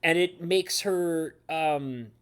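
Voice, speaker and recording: A man's voice: a little high, drawn-out words, fairly bright tone, clear, resonant tone. Male anime reviewer, casual and rambling, gushing with filler words. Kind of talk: casual talk to camera.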